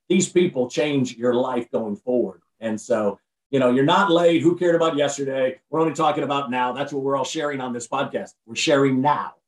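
A podcast guest who is a motivational speaker talks casually but energetically and preachily, often repeating and restarting his phrases. His voice is mid-range, and the sound is roomy, picked up from far off the mic.

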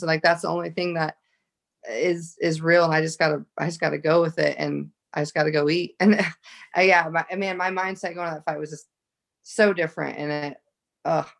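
A young woman guest speaks in a lower voice and tells her stories in an eager, rambling way, full of fillers and restarts. It sounds like relaxed, casual chat. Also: gravelly. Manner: lively storytelling, many likes and restarts. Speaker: fighter guest.

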